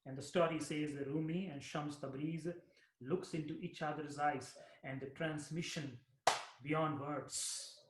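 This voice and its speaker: A man, a spiritual teacher, telling a mystic story slowly and dramatically, repeating lines for effect. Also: fairly high pitch, fairly even intonation, very noisy. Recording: roomy echo.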